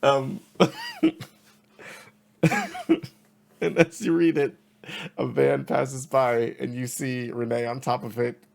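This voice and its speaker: A man narrating a tabletop game as game master, halting with fillers and laughing often. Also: medium pitch, huge pitch swings, gravelly, darkish tone.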